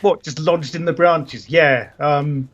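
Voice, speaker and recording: A man's voice: on the high side, slow, muffled recording. A man chatting casually and joking while co-hosting a game playthrough. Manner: giggly, jokey. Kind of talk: casual chat.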